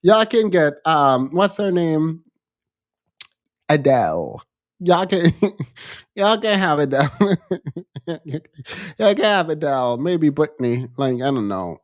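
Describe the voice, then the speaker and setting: A livestream host from Jamaica, with a Jamaican accent and a fairly high pitch, takes his time and leaves long pauses. He chats casually, reads out comments, and keeps things animated and playful, often laughing and repeating himself.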